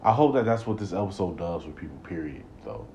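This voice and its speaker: A young man with a low, deep voice talks alone into a close podcast mic. He rambles, stumbles over repeated words, and climbs into loud, high-pitched rants. A faint hiss sits under the recording. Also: expressive, fast talker. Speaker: podcast host. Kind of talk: solo podcast monologue.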